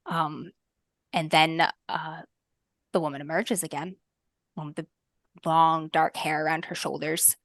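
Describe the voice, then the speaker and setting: A woman game master narrating a fantasy tabletop game in a soft, lyrical way, with frequent ums. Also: low-pitched, flat delivery, unhurried, pauses often, no echo, studio quality.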